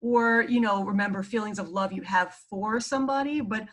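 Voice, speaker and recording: A woman with a New York accent talks through a mindfulness lesson in a relaxed, conversational way. She fills her explanations with frequent "okay" check-ins and the odd "um", and her voice sits at a middle pitch for a woman. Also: brisk, rough recording. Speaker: psychologist teaching mindfulness. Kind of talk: casual instructional talk.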